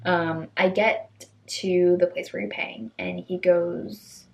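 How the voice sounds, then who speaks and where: A young woman vlogging, telling funny stories in a chatty, animated way and acting out the people in them. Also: lowish voice, slow, gravelly. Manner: chatty, animated, acts out voices in quotes. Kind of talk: casual storytelling.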